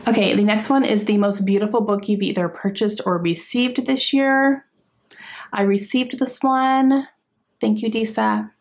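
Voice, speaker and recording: A woman's voice: medium pitch, fairly even intonation, a little slow, a little mellow. A woman book vlogger chatting casually and gushing enthusiastically about books she loved, laughing often. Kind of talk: casual chat.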